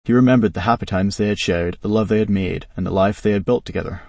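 A man narrating a dramatic story in a steady, even reading voice. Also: lowish voice, quick pace, no room sound, far from the mic.

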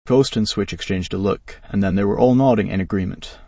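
Low husky guy reading a story, dry sound, set back from the mic. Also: brisk, mellow, no room sound, far from the mic. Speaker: narrator.

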